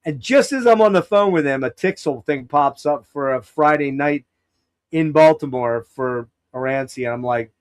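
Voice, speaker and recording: A man's voice: a little high, normal speed. A man from Pennsylvania hosting a podcast, telling a long rambling story full of restarts and quoted asides in a casual chat. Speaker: podcast host.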